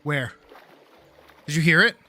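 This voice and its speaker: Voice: medium pitch, animated, a little slow, pushed and bright, faint music behind. A young adult game streamer chatting casually and swearing freely while playing. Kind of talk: casual gameplay commentary.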